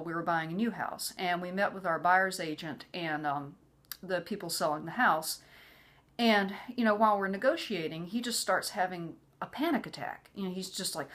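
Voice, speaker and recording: A woman's voice: lowish voice, fairly bright tone. A woman telling a personal story in a casual way, with many "you know" fillers, sometimes acting out what others said. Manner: frequent "you know" fillers, acts out quoted voices. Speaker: vlogger sharing personal story.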